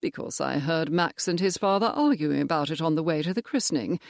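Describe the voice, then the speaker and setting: Narrator doing a blunt young ex-soldier, plain-spoken, gravelly edge, dry close sound, audiobook. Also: male voice, fairly high pitch, animated, fairly quick, no echo. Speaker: character in an audiobook. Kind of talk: audiobook character voice.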